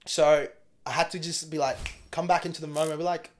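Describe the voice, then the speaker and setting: A young man, speaking in a voice pitched a touch higher than most men. He is a podcast guest in a casual studio chat, blunt and opinionated, with plenty of swearing. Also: steady tone, brisk, slight background noise. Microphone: studio mic.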